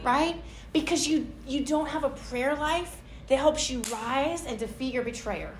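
High-voiced woman preaching in an echoey church. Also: measured pace, soft background music. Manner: conversational, playful, acts out little prayer scenes. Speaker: pastor. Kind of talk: sermon. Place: church hall.

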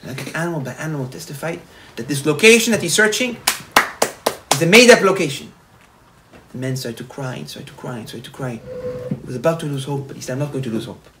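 A man, a rabbi, telling a parable in a sermon, animated, repeating phrases and restarting often. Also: fairly high pitch, a little fast, noisy background. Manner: animated, repetitive, frequent restarts. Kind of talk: storytelling sermon.

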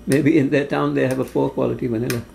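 A man filming in a home kitchen, giving dry, terse deadpan replies from off-mic. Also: mid-range voice, fast, gravelly, slight background noise. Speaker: camera operator.

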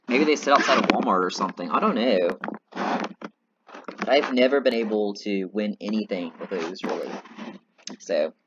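A let's play gamer with a lowish voice rambles casually while he plays, often poking fun at himself. Synthesizer game music runs underneath, and the audio has the highs cut off plus a slight hiss or hum.

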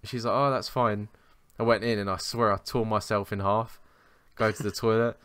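Young man, podcast co-host, low-ish bright and clear voice, sweary self-mocking storyteller. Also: level tone, brisk, dry recording. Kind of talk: casual chat, storytelling.

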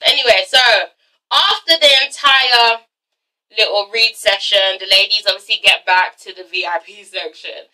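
A woman vlogging a casual reality-TV recap, sassy and animated, swearing freely and acting out the cast members. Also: mid-range voice, normal speed, distant mic, rough recording. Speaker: vlogger reviewing a TV show.

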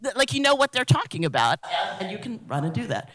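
A woman giving a humorous lecture on science communication as a guest speaker, animated and jokey, acting out quotes. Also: mid-range voice, fast, a little hiss or hum. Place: lecture hall. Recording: roomy hall echo.

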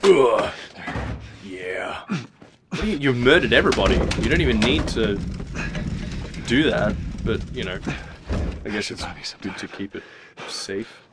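A man doing jokey, excitable gameplay commentary, yelping and muttering as he plays. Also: mid-range voice, a little slow, pauses often, heavy background noise. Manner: excitable, jokey, swears mildly, yelps when hit. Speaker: let's play gamer. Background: game music.

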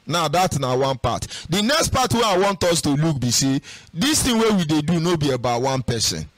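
Animated Nigerian Pidgin-speaking man. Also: fairly high pitch, moderate pace, no room sound. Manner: sing-song, animated, acts out other people's voices. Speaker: host answering listener questions. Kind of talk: casual spoken commentary.

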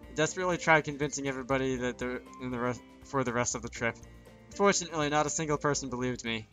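A man's voice: mid-range voice, fast, sharp tone, soft background music. A man reading a visual novel aloud in first person, dropping joking asides between lines.

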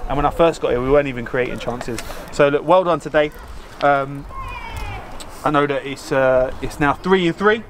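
A man's voice: mid-range voice, normal speed, a little hiss or hum. A man managing a football team gives a blunt post-match talk to his players, swearing as he scolds them and then praising them.

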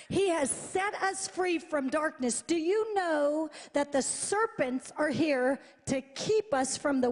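High-voiced woman preaching in a hall. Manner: animated, repetitive, swings between loud and hushed. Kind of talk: sermon storytelling. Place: large church hall, live event. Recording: live in a reverberant hall.

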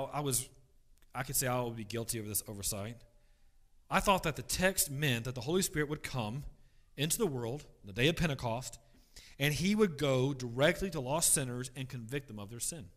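Teaching a church Bible class, a medium-pitched man speaks emphatically, swinging between loud stress and quiet asides and often repeating words as he restarts.

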